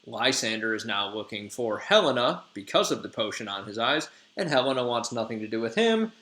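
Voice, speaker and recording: A man's voice: medium pitch, big pitch swings, a little fast, a bit bright. Chill guy teacher retelling a story, lots of ums and likes, echoey room. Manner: slangy, conversational, lots of fillers. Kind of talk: casual lesson retelling a play.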